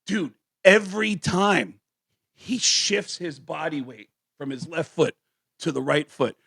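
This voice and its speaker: A man, a comedian guest in a radio studio, telling stories with lively character voices and big pitch swings. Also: slow, vocal fry, husky, dry recording. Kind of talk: animated storytelling. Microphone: studio mic.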